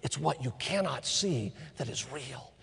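A man's voice: mid-range voice, lively intonation, measured pace, gravelly, a bit bright, slightly rough. A middle-aged man preaching a sermon in a church, telling stories and repeating phrases for emphasis. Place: church sanctuary. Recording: long hall reverb.

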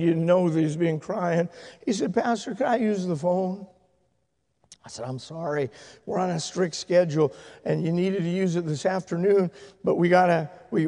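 A male pastor telling stories in a sermon, swinging from loud, excited shouting to hushed, tender speech. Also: sits high, long reverb tail. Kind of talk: sermon storytelling. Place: church sanctuary.

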